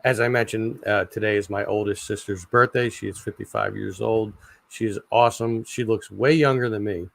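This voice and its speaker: A man in his forties hosting a casual livestream chat, rambling and halting with lots of fillers and repeated words. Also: lowish voice, fairly even intonation, creaky, fairly bright tone, no echo. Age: 40s. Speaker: channel host.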